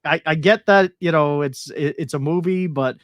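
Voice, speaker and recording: A man hosting a casual podcast chat, telling stories in an animated way and calling his guest brother. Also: on the high side, normal speed, no echo. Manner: animated storyteller who acts out voices, calls people brother. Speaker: podcast host.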